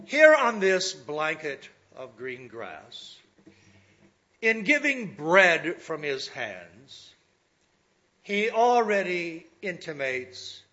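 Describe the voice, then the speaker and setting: A man preaching a sermon, talking to his listeners in a slow, lively way with asides. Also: a little high, lo-fi sound.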